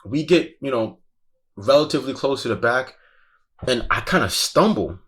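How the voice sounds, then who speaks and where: A man's voice: medium pitch, expressive, moderate pace, fairly bright tone. A man casually recounting a tense first-hand story, slangy and profane, saying "bro" constantly. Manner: intense, breathless retelling. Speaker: guest recounting a festival crowd crush.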